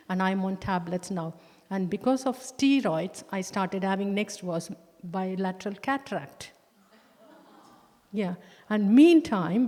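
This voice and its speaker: A woman's voice: medium pitch, mellow. Earnest woman testifying in echoey church. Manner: halting, earnest, with frequent restarts and fillers; slows down and stresses key words. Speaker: church member giving testimony. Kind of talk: personal testimony. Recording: long church-hall reverb.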